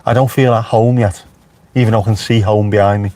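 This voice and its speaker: A man's voice: fairly low pitch, steady tone, fairly quick, warm tone, no room sound. A man with a Liverpool accent, chatting casually on a live stream from inside his car with wry asides to viewers. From Merseyside, England. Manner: chatty, wry, talks back to live chat.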